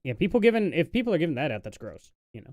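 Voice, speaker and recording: A man talking casually on a live stream, his voice sitting a little high and swinging around a lot as he mocks what he watches. The sound is dry and close, with no room around it. He rambles with fillers and sarcastic asides. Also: sing-song, very fast, a little mellow, dry recording. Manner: sardonic, mocking asides with frequent fillers. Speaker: live stream host reacting to videos. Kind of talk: casual reaction commentary.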